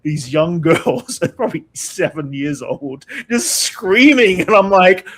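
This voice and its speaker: A man's voice: high-pitched, animated, a little slow, a crowd in the background. A young man telling a camp story in casual chat, laughing often as he goes. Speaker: guest.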